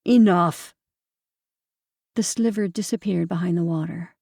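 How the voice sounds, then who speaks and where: Gravelly woman narrating an audiobook. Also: mid-range voice, normal speed, dark tone, no room sound, clean studio sound. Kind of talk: scripted narration.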